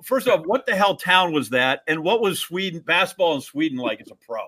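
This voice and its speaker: A male podcast host with a bright, forward voice. He jokes through his questions and asides in casual banter, and his pitch sits a little high. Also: expressive, a little fast, breathy edge. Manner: wisecracking, joking asides.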